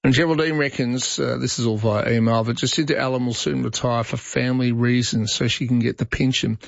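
A man's voice: mid-range voice, fairly even intonation, fairly quick, gravelly, no room sound. Aussie talkback radio guy, middle-aged, chatty and opinionated, dry studio sound, bit dull. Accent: Australian. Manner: chatty, opinionated, reads listener messages aloud. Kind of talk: casual talkback chat. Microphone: studio microphone. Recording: slightly dull broadcast audio.

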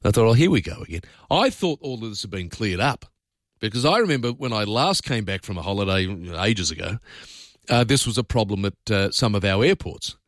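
Chatty Australian radio host, low voice. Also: male voice, no room sound, clean studio sound. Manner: chatty, opinionated, loose asides. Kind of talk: talkback radio monologue. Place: radio studio. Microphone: studio microphone.

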